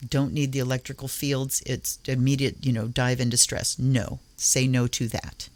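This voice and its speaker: A woman's voice: a bass voice, little pitch movement, moderate pace, no room sound. A woman hosting a tarot channel, speaking earnestly and casually to her viewers, choked up and near tears, with a habit of swearing. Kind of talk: casual spiritual talk to camera.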